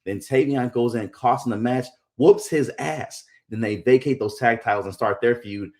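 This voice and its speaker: A man co-hosts a casual wrestling live stream. His voice is mid-pitched, and he talks in a loose, playful way. He jokes around and repeats himself when he gets worked up. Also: normal speed. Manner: playful, jokey, repeats words when excited. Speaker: co-host.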